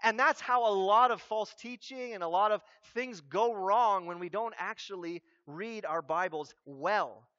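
A man preaching a sermon as a pastor, with humorous and animated delivery. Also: sits high, unhurried, hardly any pauses. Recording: dull lo-fi recording.

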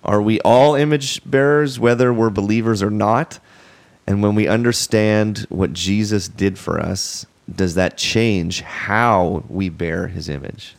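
A man hosting a casual theology podcast, relaxed and quick to laugh. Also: fairly low pitch, gravelly. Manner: relaxed, laughs easily, reads scripture aloud. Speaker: podcast host.

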